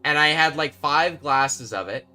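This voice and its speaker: A man's voice: fairly high pitch, a little slow, pushed and bright, soft background music. A man live-streaming a game, chatting casually and rambling to his viewers while he plays. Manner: chatty, rambling, talks to chat while playing.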